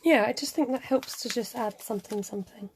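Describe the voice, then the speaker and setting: The host of this craft video is a middle-aged woman whose voice is a little high and fairly quick. She chats casually and mutters to herself as she works, giggling here and there, with a little hiss or hum audible.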